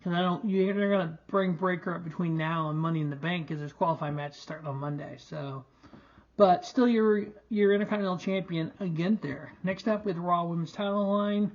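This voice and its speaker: A man's voice: high voice, fairly quick, lo-fi sound. Man ranting profanely in a wrestling review. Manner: frustrated, profane ranting with restarts. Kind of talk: casual solo review, ranting.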